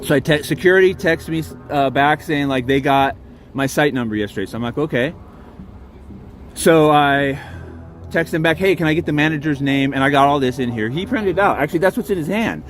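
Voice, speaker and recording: A man recounting a run-in with security and deputies, talking in a heated, profane way and stringing quick clauses together. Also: a little high, faint music behind. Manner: heated, profane, rapid storytelling. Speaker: RV park guest filming his own encounter. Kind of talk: agitated recounting and confrontation.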